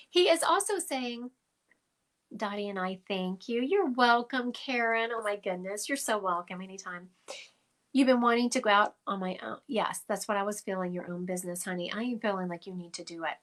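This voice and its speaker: A woman's voice: medium pitch, fairly quick, a bit bright. A woman, a psychic medium giving an emphatic, affectionate reading to viewers on a live stream from her phone. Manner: chatty, emphatic, affectionate, addressing viewers directly.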